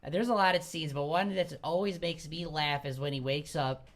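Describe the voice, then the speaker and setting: A man co-hosting a podcast, chatting casually and excitedly about movies, swearing freely. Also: on the high side, normal speed. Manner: excitable, profane, acts out movie scenes. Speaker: podcast co-host. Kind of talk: casual movie-debate chat.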